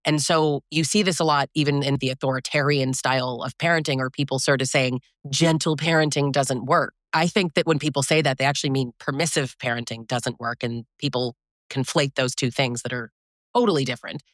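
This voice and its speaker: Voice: medium pitch, fairly even intonation, a little fast, fairly bright tone, no room sound, studio quality. A therapist guest on a podcast who talks frankly and thoughtfully, often searching for words while reflecting. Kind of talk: reflective conversational talk.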